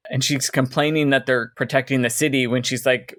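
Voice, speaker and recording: A man's voice: medium pitch, steady tone, a little fast, hardly any pauses, fairly bright tone, no room sound, clean studio sound. A man co-hosting a book podcast, summarizing chapters and reading passages aloud between casual comments. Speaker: podcast co-host.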